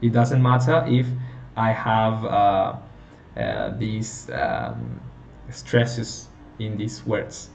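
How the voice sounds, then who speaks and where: A man teaching a phonetics lesson, explaining slowly and checking in with his listeners. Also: on the low side, creaky. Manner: slow, explanatory, checking in with "okay?". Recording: roomy, distant, dull lo-fi sound with faint hiss.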